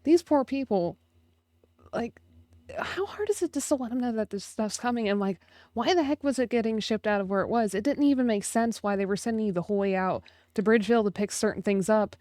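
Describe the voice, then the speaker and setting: A woman's voice: fairly high pitch, brisk, mellow, dry recording. A young woman from central Pennsylvania co-hosting a podcast, telling stories in casual chat and swearing now and then. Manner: chatty storyteller, swears casually. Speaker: podcast co-host.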